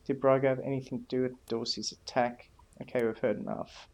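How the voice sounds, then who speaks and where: A man's voice: medium pitch, steady tone, fairly quick, creaky, hardly any pauses, a little mellow. A man casually commenting on a video game as he plays, reading dialogue choices aloud in a laid-back way. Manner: reads dialogue options aloud, laid-back, laughs easily. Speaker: gameplay commentator.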